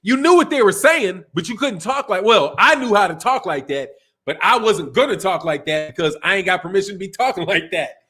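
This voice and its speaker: A middle-aged man from Chicago runs a boxing live stream with a high-pitched voice. He talks loose and slangy and laughs often. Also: expressive, fairly quick, pushed and bright, breathy edge. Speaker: boxing channel host. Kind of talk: casual live stream chat.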